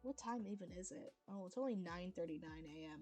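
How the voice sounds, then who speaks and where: A woman streaming a casual reading session, keeping her voice quiet and chill on purpose. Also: fairly low pitch, brisk, soft background music. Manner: quiet and chill, soft-spoken.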